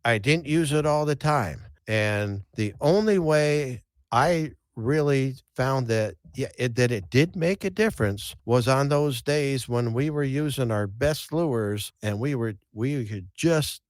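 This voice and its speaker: A man's voice: medium pitch, a little slow, no room sound, clean studio sound. A man hosting a podcast, telling casual fishing stories in a folksy way, often restarting and repeating words. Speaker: podcast host and angler. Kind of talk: casual storytelling chat.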